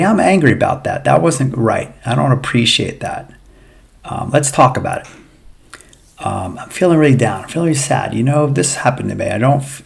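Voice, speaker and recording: A man's voice: lowish voice, vocal fry. A man, a physical therapist, talking to viewers in a casual, earnest coaching monologue about feeling emotions in recovery. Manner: earnest, repetitive, coaching tone addressing viewers as guys. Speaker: physical therapist giving pain recovery advice. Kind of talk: casual educational monologue to camera.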